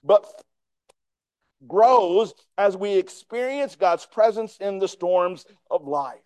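A man with a high voice preaches a sermon, talking to the congregation in a conversational way and putting questions to them. The sound is dry and close, with little room echo. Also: takes it slowly, a little mellow. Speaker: pastor.

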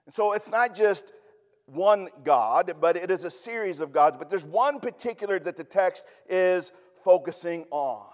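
A man's voice: high voice, expressive, a little slow, in a large hall. A man preaching a sermon in a conversational way, with humorous asides. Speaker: pastor.

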